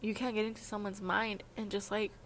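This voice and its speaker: Young woman rambling to her camera, soft and earnest, keeps saying like, faint hiss in the background. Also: medium pitch, little pitch movement, fairly quick. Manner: rambling, hesitant, heavy use of filler "like". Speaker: vlogger. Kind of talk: casual confessional monologue.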